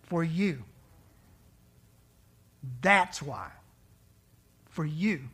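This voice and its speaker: Male pastor, conversational sermon, rhetorical questions, hushed dramatic drops. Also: fairly high pitch, lively intonation, extremely slow, husky.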